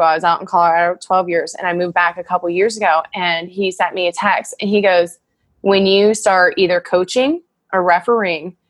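A woman's voice: fairly low pitch, a bit bright, no room sound. A woman in her thirties telling personal stories in a casual interview, emotional and full of fillers and laughter. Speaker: guest, wrestler.

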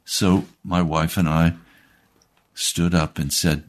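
A man's voice: low voice, slow. A man, a pastor delivering an earnest, emphatic radio sermon.

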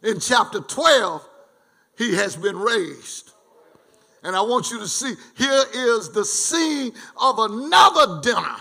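A male pastor delivers a sermon at an unhurried pace, stressing his points and repeating words. His voice sits high and bright with a gravelly rasp. He breaks off into chatty asides to the congregation. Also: lively intonation.

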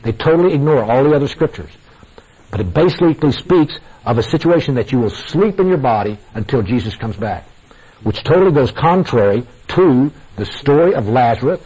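Heard through a lo-fi radio broadcast, a man with a medium-pitched, warm, slightly rough voice preaches to a congregation, expressive and fairly quick. He's emphatic, repeats phrases for effect, and calls his listeners "guys."

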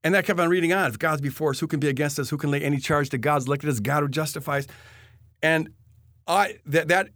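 A man telling a personal faith story in an earnest, halting way, often restarting his sentences. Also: a little high, a bit bright, dry recording, clean studio sound. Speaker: guest telling his testimony.

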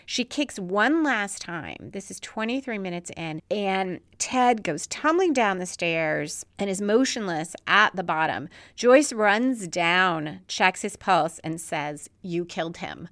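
A woman's voice: medium pitch, expressive, takes it slowly, hardly any pauses, fairly bright tone, no room sound, studio quality. A woman hosting a casual recap of a TV episode, retelling scenes in a conversational way. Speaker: podcast host recapping a TV episode.

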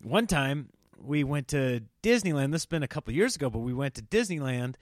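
A man's voice: medium pitch, big pitch swings, fairly quick, no room sound, clean studio sound. A man hosting a casual solo podcast, telling comic stories and breaking into exaggerated voices for quoted people. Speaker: comedian podcast host.

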